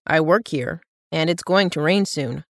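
A woman reading an audiobook and voicing a male carpenter who speaks slowly and calmly. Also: sits low, pitched below the performer's own voice. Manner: slow and calm. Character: calm slow-spoken male carpenter.

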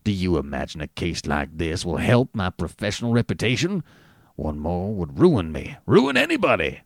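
A man voicing an irritable, sharp-tongued old family doctor who talks loud and cutting in an audiobook. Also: mid-range voice, sing-song, unhurried, no echo, clean studio sound. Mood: irritated.

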